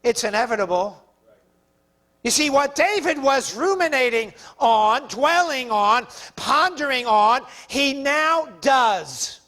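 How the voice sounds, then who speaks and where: Male pastor, very high-pitched, emphatic preaching. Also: animated, takes it slowly, sharp tone. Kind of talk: sermon.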